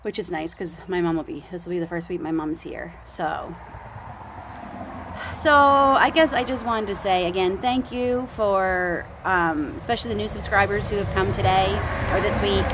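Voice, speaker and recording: With a mid-range voice at a moderate pace, a middle-aged woman from Canada speaks over some background noise. Standing outdoors at her homestead, she rambles sincerely to the camera in a casual, heartfelt way, full of ums and restarts.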